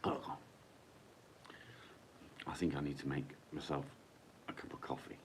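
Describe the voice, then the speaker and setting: Bloke rambling on a home livestream, slow and sweary, a bit of faint hiss behind. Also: male voice, rumbling low, little pitch movement. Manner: blunt, sweary, chatty, talks to his dog. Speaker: live-stream host. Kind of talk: casual live-stream chat.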